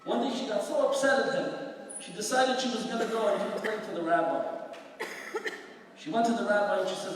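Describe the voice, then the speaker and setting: A man with a very high voice, rabbi style, preaching to a gathering, chanting passages and then telling stories. He sounds far from the microphone, with a long echoing reverb filling a large hall. A faint hum of the room sits underneath. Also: brisk. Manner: chants Talmud phrases, then explains them. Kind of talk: sermon with storytelling. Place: large hall at a memorial event.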